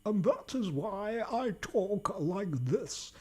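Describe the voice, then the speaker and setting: Bloke doing a pompous posh english toff, slow plummy drawl, a bit back from the mic. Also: male voice, high voice, expressive, a little mellow, slightly rough, pitched above the performer's own voice, heavily acted. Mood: mock apologetic.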